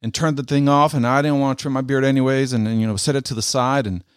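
A middle-aged man, a military veteran, telling a personal story in an earnest, halting way and often repeating his words. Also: medium pitch, fairly even intonation, clean tone, dry recording, studio quality.

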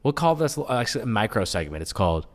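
A man's voice: on the low side, big pitch swings, quick pace, big-room sound. A man hosting a casual podcast, playful and teasing, laughing often. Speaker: podcast host.

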